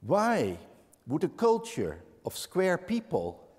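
Slow, wry Dutch man in a hall. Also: a little high, huge pitch swings, a little mellow, husky. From Netherlands. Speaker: speaker on stage. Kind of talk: slow, deliberate storytelling talk.

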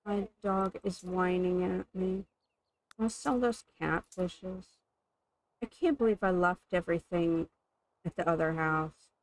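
Woman gamer, unhurried chatty play-by-play, some vocal fry. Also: on the low side, no room sound, rough recording. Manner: chatty, amused, thinking aloud while playing. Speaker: gaming channel host. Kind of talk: casual gameplay commentary.

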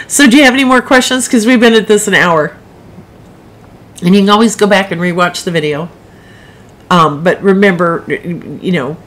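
A middle-aged woman author hosting a live broadcast, chatting frankly and rambling into asides with her viewers. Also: medium pitch. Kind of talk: casual livestream chat.

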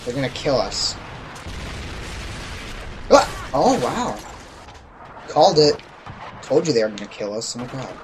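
A young man giving casual, jokey gameplay commentary who yelps and shouts when something startles him. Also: medium pitch, big pitch swings, unhurried, long pauses, noisy background. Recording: loud game gunfire behind voice. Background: gunfire and explosions from the game.

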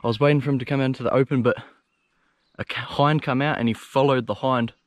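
Excitable New Zealand man outdoors. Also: medium pitch, fast talker. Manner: excitable, blunt, swears freely. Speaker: hunter filming himself. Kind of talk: casual self-filmed commentary. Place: steep hillside gully outdoors.

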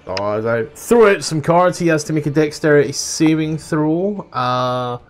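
A man's voice: a little high, lively intonation, moderate pace. A man chatting casually as a tabletop game player, swearing and thinking aloud about the rules.

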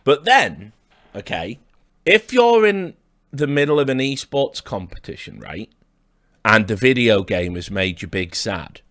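A man's voice: medium pitch, big pitch swings, unhurried, fairly bright tone, no room sound. A man hosting a livestream, mocking and rambling in a dry, sardonic way with chuckles. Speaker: livestream host.

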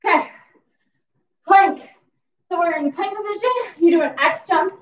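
Winded lady coaching a hiit class, peppy whoops, high voice, kinda dull muffled gym audio. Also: moderate pace. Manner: energetic cheering cues with whoops. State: out of breath. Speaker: fitness instructor. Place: exercise facility gym. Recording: echoey gym from far off, dull sound.

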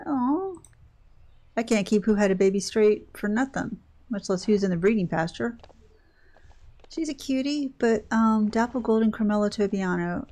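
A woman's voice: medium pitch, a little mellow. An older woman chatting casually as she plays a game on her channel, rambling and breaking off mid-sentence. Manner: chatty, rambling, self-interrupting. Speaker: gaming channel host. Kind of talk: casual gameplay commentary.

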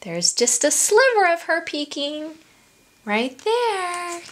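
A woman's voice: very high-pitched, big pitch swings, slow pace, fairly bright tone, a little hiss or hum. A woman reading a picture book aloud to young children at story time. She speaks in a sing-song way, asks the children questions and drops into whispers for asides.

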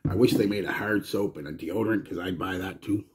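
A Canadian man talks casually to his viewers, wandering through his thoughts with plenty of restarts. His voice sits very low with a husky, breathy edge. The delivery is loose, chatty vlog talk. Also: a little fast. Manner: rambling and chatty, with frequent restarts. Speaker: fragrance reviewer.

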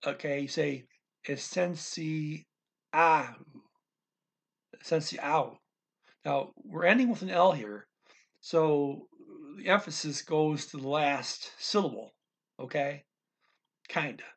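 A man teaching a language in a casual, thinking-aloud way, reading phrases slowly and restarting often. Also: a little high, lively intonation, fairly bright tone. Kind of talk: casual explanatory lesson.

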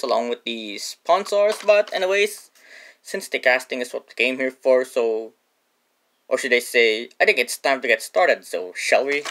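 A man's voice: medium pitch, fairly bright tone, slight background noise. A man hosting a casual toy car review, upbeat and prone to correcting himself mid-sentence. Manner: enthusiastic, repeats "or should I say" self-corrections.

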